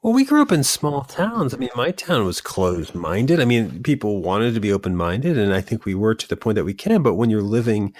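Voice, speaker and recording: A middle-aged man co-hosting a podcast, chatting casually and asking quick follow-up questions. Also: on the low side, sing-song, a little mellow. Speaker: podcast co-host. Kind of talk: casual chat.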